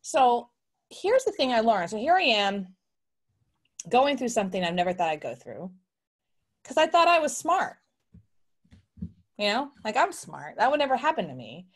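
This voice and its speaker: A woman's voice: fairly high pitch, moderate pace, pauses often. A middle-aged woman, a guest entrepreneur, telling her story in a casual interview, acting out the voices she quotes. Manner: animated, acts out quoted voices.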